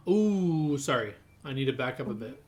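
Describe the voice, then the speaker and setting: A man at a middle pitch narrates a tabletop session as its game master. He rambles, stops to restart his sentences and leans on filler words, sounding unscripted and off the cuff. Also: lively intonation, moderate pace, a little mellow.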